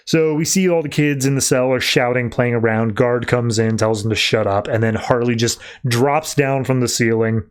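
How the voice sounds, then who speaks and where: A man hosts a podcast, talking through a comic book issue in an easygoing, rambling recap. His pitch sits in an ordinary middle range, and he leans on lots of filler words. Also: moderate pace, hardly any pauses, smooth. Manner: loose, conversational retelling with many filler words. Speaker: podcast host.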